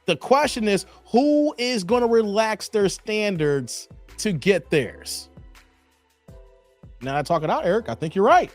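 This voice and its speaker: Animated high-voiced man streaming live. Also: measured pace, faint music behind. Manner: animated, laughs often, talks to chat by name. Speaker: host of live commentary stream. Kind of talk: casual live-stream commentary.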